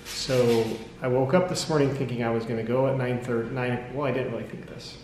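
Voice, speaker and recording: A man's voice: medium pitch, fairly even intonation, fairly quick, darkish tone. An American man, a father, telling a story in a wry, rambling way with frequent self-corrections. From United States. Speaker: vlogger, father. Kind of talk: casual storytelling to camera. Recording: echoey room with background noise.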